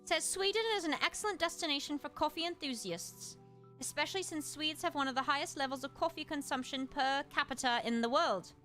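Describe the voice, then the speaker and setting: A woman streamer in casual chat, reading aloud and musing with quick asides to her chat. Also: high voice, bright, forceful tone, soft background music. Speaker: streamer host.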